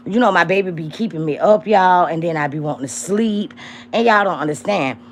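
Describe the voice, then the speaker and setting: On her casual livestream, a young woman speaks fairly quickly against slight background noise, bluntly and profanely calling out a rival. Her delivery lurches from loud mockery to quiet murmuring.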